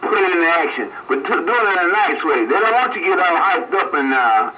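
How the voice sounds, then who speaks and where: A man's voice: fairly high pitch, lively intonation, a little fast. An older man on a CB radio, chatting casually and reminiscing in a folksy way, laughing often. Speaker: CB radio operator. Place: on the air by CB radio. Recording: dull CB radio audio with faint hiss.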